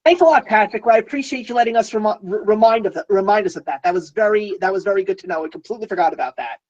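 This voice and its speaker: A man's voice: sits high, rapid-fire. A man joining as a guest co-reviewer in a casual film chat, playful and teasing. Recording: dull lo-fi recording.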